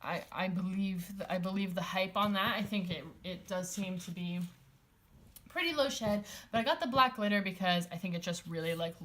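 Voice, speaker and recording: A woman's voice: medium pitch, moderate pace, fairly bright tone. Chatty woman rambling through a haul. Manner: chatty and rambling, many fillers and restarts; enthusiastic, gushing over items. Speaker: vlogger showing a stationery haul. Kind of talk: casual chat.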